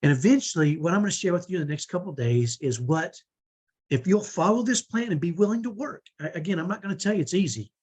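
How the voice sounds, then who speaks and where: A man's voice: high voice, expressive, fast talker, darkish tone, breathy edge. A man in his fifties giving an online parenting training, earnest, motivational and direct. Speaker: parenting coach.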